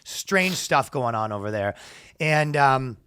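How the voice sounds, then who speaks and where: Animated man telling a story. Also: mid-range voice, slow, clean tone, dry recording, clean studio sound. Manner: animated, acts out announcers with loud shouted quotes. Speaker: podcast co-host. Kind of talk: casual comedic storytelling.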